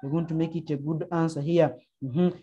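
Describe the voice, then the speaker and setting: A woman's voice: low voice, fairly even intonation, fairly quick, dark tone, husky, dull audio. A woman teacher with a Ugandan English accent, leading an online primary class over a video call, encouraging pupils with frequent uh-huhs. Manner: encouraging, prompting with frequent uh-huh and mm-hmm.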